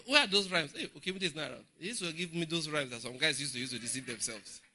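A middle-aged man with a Nigerian English accent preaching a humorous, animated Bible study sermon in church. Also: on the high side, quick pace. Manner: humorous, laughing, animated storytelling. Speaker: pastor.

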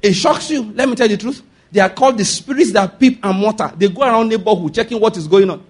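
A Nigerian-accented man preaching a sermon, animated, laughing often and asking the congregation if they follow. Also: high voice, quick pace, husky.

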